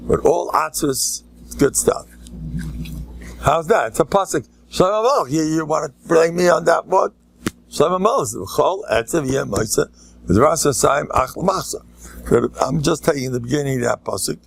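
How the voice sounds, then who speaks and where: An older American man from Lakewood, a rabbi giving a humorous Torah lecture, joking and animated, mixing Yiddish and Hebrew words into his talk. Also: mid-range voice, normal speed, gravelly.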